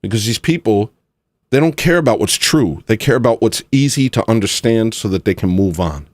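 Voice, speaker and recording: A man with a low voice hosts a livestream. He talks in a loose, rambling, sarcastic way and brushes off his critics. His voice sounds dry and close. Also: animated, brisk, dry recording. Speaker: livestream host. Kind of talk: casual livestream rant.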